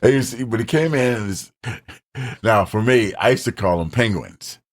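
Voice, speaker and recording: A man's voice: mid-range voice, normal speed. A man co-hosting a podcast, telling stories in casual chat with frequent laughter. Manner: animated, laughing, storytelling. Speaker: podcast co-host.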